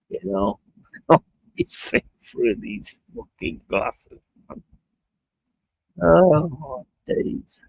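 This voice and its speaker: A man's voice: on the high side, very animated, drawn-out words, gravelly, long pauses, breathy edge, rough recording. A young man chatting casually on a live stream, sweary and prone to ranting. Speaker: streamer watching a football match.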